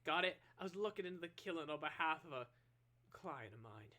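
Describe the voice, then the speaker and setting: A man's voice: on the high side, lively intonation, a little fast, pushed and bright. A man voicing a nervous, shifty male informant who stammers and speaks in a put-on accent. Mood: hushed, secretive.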